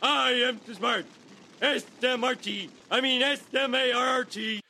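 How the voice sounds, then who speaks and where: A man voicing a dim-witted middle-aged cartoon dad who boasts proudly and spells clumsily, in a gravelly, strained voice. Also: very high voice, steady tone, a little slow, pushed and bright, heavily acted. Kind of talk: cartoon voice acting.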